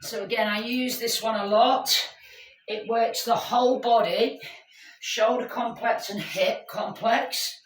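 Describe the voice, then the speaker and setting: A woman coaching a workout class in an unhurried, chatty way, calling everyone guys. Her voice sits at a middle pitch and carries a roomy echo from a mic set back from her, with faint ambience underneath. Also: fairly even intonation, slight background noise. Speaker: fitness instructor. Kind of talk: live workout class instruction. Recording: echoey room, mic at a distance.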